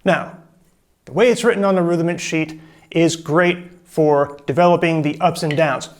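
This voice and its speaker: A drum teacher with a slightly higher man's voice talks casually and breaks each stroke down one step at a time. Drums sound in the background between his explanations. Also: moderate pace. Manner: relaxed, explains step by step, counts in. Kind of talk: casual instructional talk.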